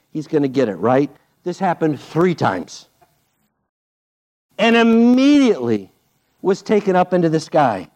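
Guy preaching a sermon, higher pitched voice, jokey storytelling, gets loud then goes quiet. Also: moderate pace. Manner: animated, playful storytelling with sudden loud and quiet turns. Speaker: pastor.

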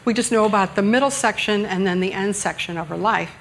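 A woman's voice: medium pitch, fast, creaky, a little hiss or hum. A middle-aged woman preaching a conversational sermon at church, joking and self-deprecating with the congregation. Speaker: guest speaker preaching at church. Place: church sanctuary.

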